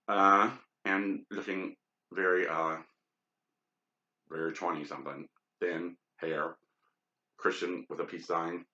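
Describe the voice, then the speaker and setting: A frank, chatty man rambles through old photos in a loose, casual monologue full of ums and asides. His voice sits a little low but sounds bright and forceful. The recording is dull and lo-fi, with a roomy echo. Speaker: podcast host sorting old photos.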